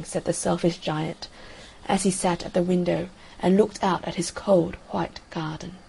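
Husky, gravelly woman reading a fairy tale. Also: fairly low pitch, fairly even intonation, measured pace, hardly any pauses, dark tone, poor audio. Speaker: narrator.

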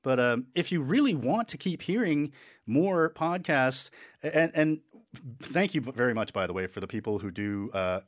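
A man's voice: mid-range voice, lively intonation, normal speed, no room sound, studio quality. A man co-hosting a radio podcast in casual banter, loose and joking, often restarting his sentences. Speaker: radio show co-host. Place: radio studio.

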